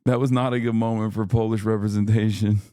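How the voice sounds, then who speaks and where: A man's voice: lowish voice, flat delivery, quick pace, dark tone, dry recording, studio quality. A man hosting a casual livestream, talking back to his chat in a profane, ranting way and laughing often. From lives in California. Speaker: livestream host.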